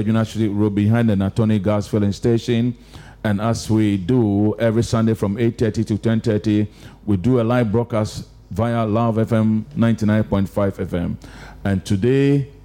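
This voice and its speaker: Fervent preacher, mellow voice. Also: male voice, fairly low pitch. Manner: fervent exhortation, repetitive rhetorical emphasis. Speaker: radio host. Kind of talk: preaching on a live radio broadcast.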